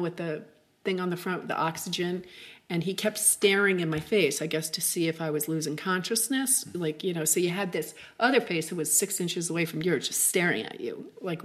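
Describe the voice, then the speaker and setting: A middle-aged woman telling a personal story as an interview guest, halting and chatty with many fillers and restarts. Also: lowish voice, animated.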